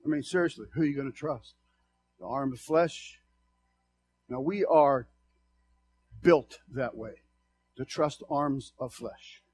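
A man preaching a sermon to a congregation, passionate and emphatic, moving between loud exhortation and low, confiding asides. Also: takes it slowly, pauses often, a little hiss or hum.

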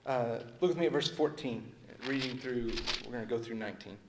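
A male pastor delivers a conversational sermon at a middling pitch. His phrases sink low and soft at their ends. The sound is roomy, with a long reverb tail like a large church sanctuary. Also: brisk, noisy background. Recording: echoey hall with long reverb.

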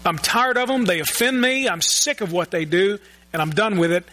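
A man's voice: sits high, expressive, normal speed, bright, forceful tone, low-quality recording. A male pastor giving a sermon in a church, earnest and often repeating words as he searches for his phrasing. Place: church sanctuary.

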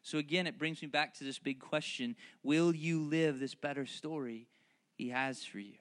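A man's voice: on the high side, normal speed, fairly bright tone. A man, preaching a sermon that mixes joking family stories with fervent, repeated calls to the congregation. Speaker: pastor.

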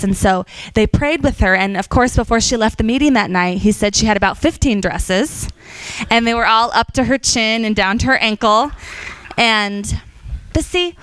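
Woman teaching a church class, smooth voice. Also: medium pitch, unhurried, no room sound. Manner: storytelling, animated quotes, frequent fillers.

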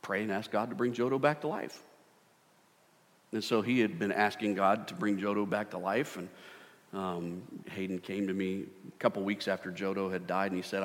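A middle-aged man preaching a sermon, animated, swinging from loud bursts to hushed tones. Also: sits low, moderate pace. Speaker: pastor. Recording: long hall reverb.

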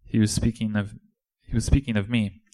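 Speaking as a disciple in a church service, a man gives an impassioned, indignant first-person monologue. His voice is lowish and dark-toned, with little pitch movement, and he talks a little fast.

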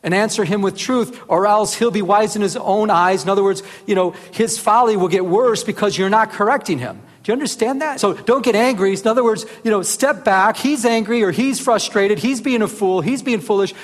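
Male Bible teacher, high voice, earnest and conversational, echoing hall. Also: normal speed, few pauses. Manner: earnest, rises into animated emphasis, often asks "remember?". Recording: reverberant hall.

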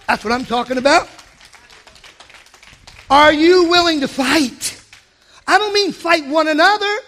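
A man preaching a sermon as pastor, swinging from hushed asides to shouted declarations. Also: very high voice. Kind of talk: energetic sermon.

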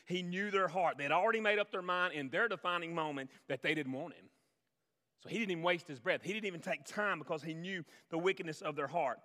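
A man preaching a sermon as a pastor, swinging between loud emphasis and hushed, low-voiced reflection. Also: in a large hall. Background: band music.

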